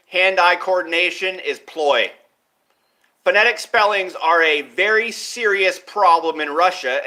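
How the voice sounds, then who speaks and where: A man with a high, bright voice delivers a rambling monologue to his viewers. He swears freely and lurches between topics, his pitch and loudness rising and falling sharply from one phrase to the next. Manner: erratic, profane and rambling, with big swings in pitch and loudness. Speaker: vlogger.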